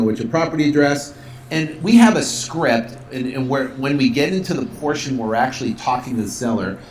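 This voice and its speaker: A man instructor giving a casual software walkthrough tutorial, upbeat and full of fillers, acting out sales calls. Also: mid-range voice, roomy sound, a little hiss or hum.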